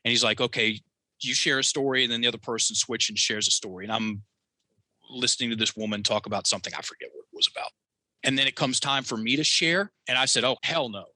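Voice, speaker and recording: A man with a very bright, forceful voice tells a personal story as a podcast guest. He is animated and acts out the voices of the people in his story, recorded dry and close. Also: medium pitch, fast, no room sound. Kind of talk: storytelling in a conversational interview.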